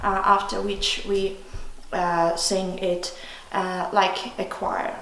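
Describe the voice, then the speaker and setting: A woman's voice: mid-range voice, level tone, slow, a bit bright. A woman teacher with a Russian accent giving a patient classroom demonstration lesson, chanting syllables in a sing-song way. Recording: echoey classroom with background noise.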